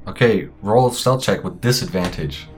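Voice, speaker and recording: A man with a very low voice runs a tabletop game as game master. He explains the rules and describes what happens. Faint music plays underneath. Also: moderate pace. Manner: explains rules with many fillers and restarts.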